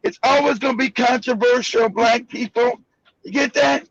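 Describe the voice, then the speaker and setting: A man's voice: very high voice, normal speed, lo-fi sound, a little hiss or hum. A man hosting a show, reacting to news clips with blunt, profane, mocking commentary and a lot of repetition. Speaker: host.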